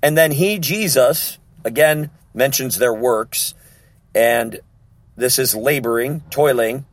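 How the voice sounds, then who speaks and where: An emphatic male preacher teaching from scripture, driving points home by repeating words and checking in with his listeners. His voice sits at an ordinary middle pitch. The recording is dry and close, with no room echo. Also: takes it slowly. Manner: emphatic, repetitive teaching with frequent check-ins. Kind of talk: sermon.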